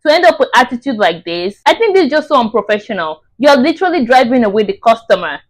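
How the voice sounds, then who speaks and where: A woman's voice: fairly high pitch, very animated, quick pace. A woman hosting a reaction video, giving reasoned and mildly indignant commentary.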